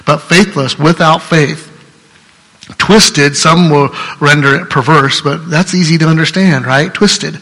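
A man's voice: a little high, fairly even intonation, moderate pace, hardly any pauses, sharp tone, in a large hall, rough recording. A pastor preaching an earnest, conversational sermon, often restarting his sentences.

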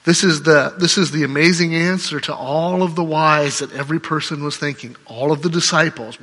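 A man's voice: a little high, steady tone, brisk, hardly any pauses, bright, forceful tone, in a large hall. A man preaching a sermon in a conversational, emphatic way, full of rhetorical questions. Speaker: pastor.

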